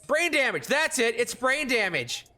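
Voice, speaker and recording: A man's voice: extremely high pitch, sing-song, unhurried, bright, forceful tone, faint music behind, voice pushed up, exaggerated voice. A man voicing a bossy impish girl scientist. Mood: teasing. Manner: playful, mock-bossy, jokey. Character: impish girl-looking old female scientist. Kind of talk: comedic let's play voicing.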